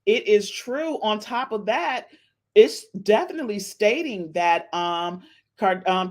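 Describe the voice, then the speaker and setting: A woman hosting a casual live-stream podcast, talking playfully to her chat and calling out meows. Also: medium pitch. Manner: animated, playful, says meow to the chat; African American Vernacular English speech patterns. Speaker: podcast host.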